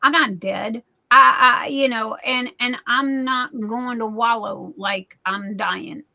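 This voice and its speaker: Woman in her forties, livestream host; bright, rather high voice, emphatic chatty delivery. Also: slow, vocal fry, poor audio. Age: 40s. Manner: emphatic, repeats herself, keeps asking "okay?". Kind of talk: casual live chat.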